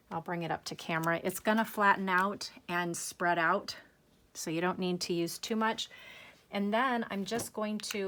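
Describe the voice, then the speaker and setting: A woman's voice: fairly low pitch, a bit bright. Chatty woman hosting a card-making tutorial. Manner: chatty, enthusiastic, step-by-step. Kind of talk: crafting tutorial.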